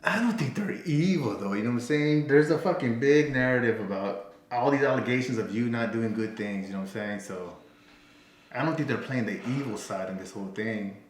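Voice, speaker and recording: A man's voice: mid-range voice, fairly quick. A man co-hosting a podcast, mocking a clip in casual, profane talk. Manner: mocking, laughing, swears a lot. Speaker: podcast co-host reacting to a clip. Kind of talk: casual profane reaction chat. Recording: roomy echo, faint noise.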